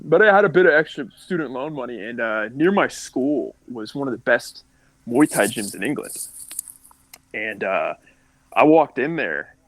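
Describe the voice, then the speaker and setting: A man's voice: medium pitch, a bit bright, no room sound, rough recording. A young man from California telling his life story as a podcast guest, candid and rambling, full of likes and restarts. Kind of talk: casual storytelling.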